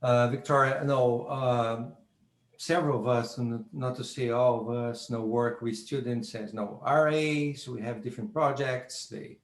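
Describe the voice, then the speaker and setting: A man's voice: medium pitch, fairly even intonation, measured pace. A man on a university panel answers a question in an easy, conversational way, leaning on "you know" again and again. His voice sits in the middle of the range. The room gives it a noticeable echo. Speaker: faculty member. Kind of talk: panel discussion.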